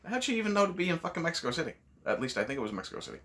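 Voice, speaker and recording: A man's voice: a little high, sing-song, very fast, fairly bright tone. A man hosting a casual movie review, ranting sarcastically with lots of swearing.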